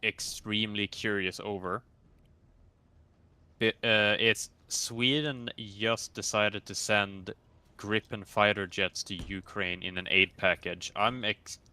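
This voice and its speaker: Bright-toned man rambling with fillers. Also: fairly low pitch, fairly even intonation, no room sound. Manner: halting, full of fillers and restarts. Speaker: co-player. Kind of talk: casual chat while playing.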